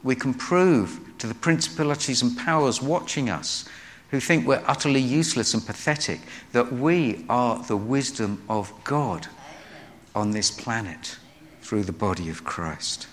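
Telling Bible stories in his sermon, this preacher speaks unhurriedly in a mid-range, somewhat bright voice, performing the quotes in character. A long hall reverb surrounds him.

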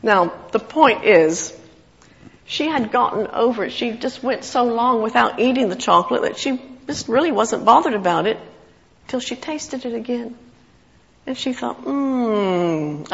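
A woman's voice: a little high, lively intonation, moderate pace, gravelly. A woman preaching a sermon, telling a story with acted-out quotes and light laughter. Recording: muffled sound in a large reverberant hall.

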